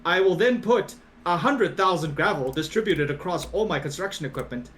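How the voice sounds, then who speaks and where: A man co-hosting a gaming podcast, chatting casually, excitable and profane, breaking into bursts of disbelief. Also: high voice, a little fast, slight background noise. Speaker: podcast co-host.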